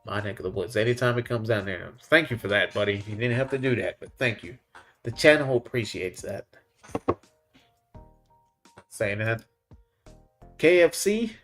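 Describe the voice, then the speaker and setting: A man's voice: fairly low pitch, lively intonation, normal speed, long pauses, fairly bright tone, soft background music. A man, hosting a casual livestream, reading the chat in a laid-back way, chuckling often and calling people "man" and "buddy". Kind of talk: casual live-stream chat.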